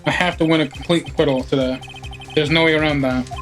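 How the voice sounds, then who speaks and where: A man's voice: a little high, steady tone, fast talker, fairly bright tone, soft background music, close to an everyday voice. A man voicing an anxious young defense attorney who sounds flustered and unsure. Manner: flustered, questioning. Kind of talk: game dialogue read aloud.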